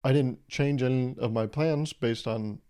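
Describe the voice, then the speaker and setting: A young man hosts his own podcast, rambling through a solo comedic monologue in a sarcastic, mock-serious manner and laughing at his own jokes. His voice is medium-pitched, mellow and smooth, and he speaks unhurriedly.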